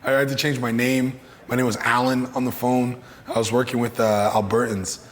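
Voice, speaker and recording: A man with a deep, raspy voice, an actor and comedian talking in a relaxed, reflective way in an interview. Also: moderate pace, big-room sound.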